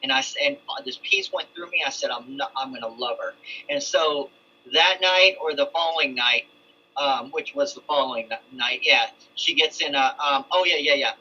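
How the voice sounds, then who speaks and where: A middle-aged man tells his personal testimony as a casual story, rambling with restarts and asides. His voice is on the high side, bright and forceful, at normal speed. The recording is dull and lo-fi with faint ambience.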